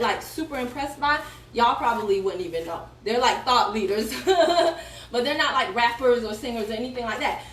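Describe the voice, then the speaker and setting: Breathless, high-voiced woman telling a story live. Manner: animated, chatty, addresses viewers as y'all, laughs a lot. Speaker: fitness coach recruiting for her team. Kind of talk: live social-media storytelling while exercising. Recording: roomy echo, distant mic, faint noise.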